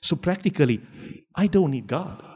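A man voicing a troubled rich atheist, speaking in a halting, pleading way. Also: on the high side, expressive, a little mellow, breathy edge. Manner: halting, pleading, repeats words.

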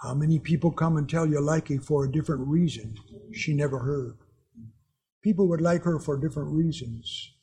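A man's voice: on the high side, normal speed, warm tone, breathy edge. A man preaching a sermon to his congregation, telling personal stories in an earnest way and chuckling at his own anecdotes.

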